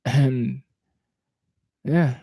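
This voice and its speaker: Mellow-voiced Southern man musing aloud. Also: medium pitch, steady tone, extremely slow, gravelly, husky, no room sound. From Virginia, USA. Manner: reflective, searching, speaks in broken restarts. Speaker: spoken word poet. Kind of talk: casual livestream chat between poems. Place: home, at night.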